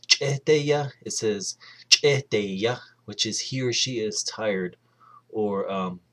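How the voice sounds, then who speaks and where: A man with a low-pitched voice walks through a vocabulary list at a very slow, measured pace. He pronounces each word deliberately and then says it again, like a patient teacher in a casual lesson. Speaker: language teacher.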